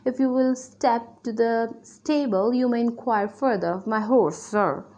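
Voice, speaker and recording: A woman's voice: on the high side, a little slow, warm tone, pitched above the performer's own voice. Woman reading as blunt old-style country squire. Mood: indignant. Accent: Pakistani English. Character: blunt middle-aged male country squire. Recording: dull lo-fi recording.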